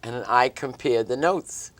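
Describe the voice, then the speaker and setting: A local cable-TV host with a medium-pitched voice interviews a guest in a relaxed, chatty way. The host keeps jumping in to finish the guest's sentences. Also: measured pace, dry recording. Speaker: talk show host. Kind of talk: casual interview chat. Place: local TV studio.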